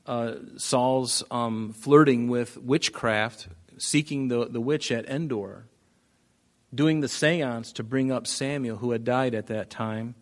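A pastor giving a casual, conversational Bible teaching with joking asides and frequent restarts. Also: male voice, mid-range voice, fairly even intonation, slow.

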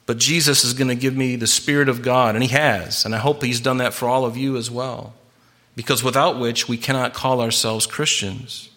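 Man, pastor, preaching, bright forceful tone, earnest, emphatic, repeats himself. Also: mid-range voice, steady tone, moderate pace. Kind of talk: sermon.

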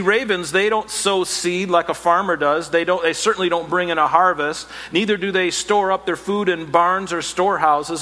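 A male pastor preaching a sermon, animated, with playful asides and self-mocking humor. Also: fairly high pitch, big-room sound.

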